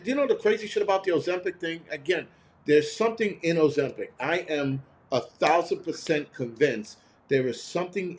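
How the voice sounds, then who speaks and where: Profane, ranting live-stream host. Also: male voice, a little high. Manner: mimics others in quoted voices. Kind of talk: casual live-stream chat reading comments.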